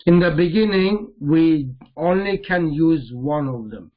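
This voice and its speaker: A man teaching Arabic grammar in a lesson, slowly repeating terms and putting questions to his students. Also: a little high, muffled recording. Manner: slow, deliberate, repeats terms and quizzes students. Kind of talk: live online grammar lesson.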